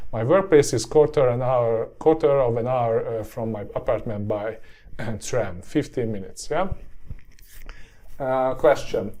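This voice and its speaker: A man's voice: mid-range voice, dark tone. Hungarian-accented man teaching, voice tiring. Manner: checks in with a rising "yeah?", many "uh" fillers. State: voice getting hoarse. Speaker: language teacher. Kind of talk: language lesson.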